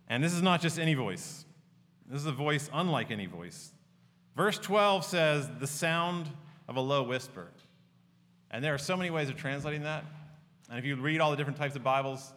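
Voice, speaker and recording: A man's voice: mid-range voice, a bit bright. A man preaching a sermon as pastor in a church, earnest and conversational, telling personal stories. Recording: long reverb of a large hall.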